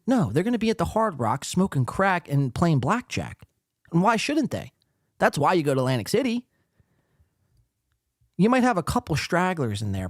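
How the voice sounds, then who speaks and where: A man's voice: a little high, no echo, studio quality. A man hosting a live podcast, ranting profanely and sarcastically at other show hosts. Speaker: podcast host.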